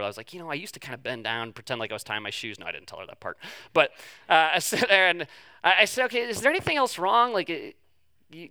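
A man, a pastor, preaching a sermon and telling a personal story with lively ups and downs, softening for the tender parts. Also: clear, resonant tone, no room sound, studio quality. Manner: animated storytelling, pitch rising when excited, softening for tender moments. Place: church sanctuary.

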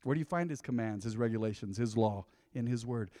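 A male pastor giving a sermon, an animated storyteller who acts out scenes, speaking in a church sanctuary. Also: mid-range voice, fairly quick, hardly any pauses. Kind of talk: sermon with personal anecdotes. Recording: long church hall reverb.

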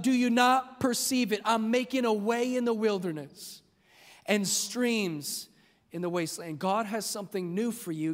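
A man preaching a sermon, animated and humorous, building to emphatic shouts. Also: high voice, normal speed. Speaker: pastor. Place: large church hall. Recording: long hall reverb.

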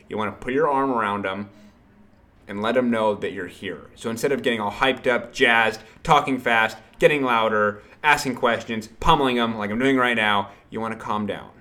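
A man hosting a solo sales podcast, talking in an energetic, punchy way, repeating phrases and swearing casually. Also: on the low side.

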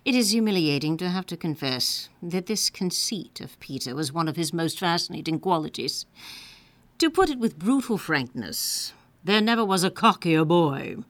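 A woman narrating a children's story in a playful, expressive reading. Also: lowish voice, normal speed, dry recording.

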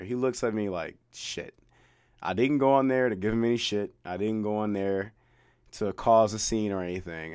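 A man's voice: fairly low pitch, no echo, clean studio sound. A man in his twenties hosting his own podcast, telling a rambling, profane story and laughing at himself. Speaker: podcast host. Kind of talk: casual solo podcast storytelling.

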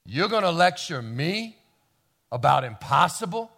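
A man's voice: a little high, sing-song, a little slow, vocal fry, fairly bright tone, big-room sound, full character voice. A man acting as indignant old Father Abraham. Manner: exclaiming, incredulous, repeating words.

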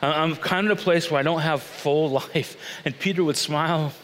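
A man preaching a sermon, animated and acting out the people he quotes. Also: moderate pace, slight background noise. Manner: animated, acts out quoted voices with big pitch swings. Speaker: pastor. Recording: long hall reverb.

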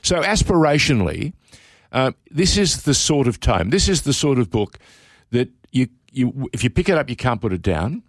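Man as co-host, mid-pitched and eager, recorded close and dry. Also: very animated, normal speed, no echo. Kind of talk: casual chat.

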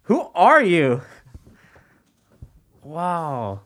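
A woman's voice: lowish voice, huge pitch swings, drawn-out words. A woman chatting casually on a podcast, reacting with awe and playful slang. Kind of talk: casual chat.

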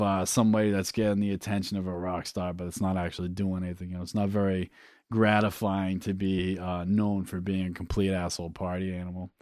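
Low-voiced, profane man telling his story. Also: a little mellow, no echo, studio quality. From New Hampshire. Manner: casual and profane, halting with fillers. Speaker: guest. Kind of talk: candid personal storytelling.

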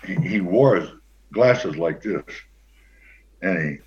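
An older man, a former pro football player, telling a long anecdote as an interview guest in a relaxed, rambling way with many fillers. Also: low-pitched, takes it slowly. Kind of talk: anecdotal storytelling. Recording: dull lo-fi sound.

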